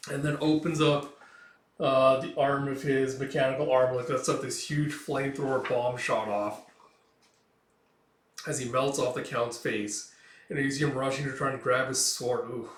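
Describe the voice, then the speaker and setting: A man's voice: mid-range voice, steady tone, measured pace, pauses often. A man casually retelling a comic aloud, rambling with lots of fillers. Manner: rambling, filler-heavy paraphrasing. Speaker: manga reader and reviewer. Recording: roomy, distant mic.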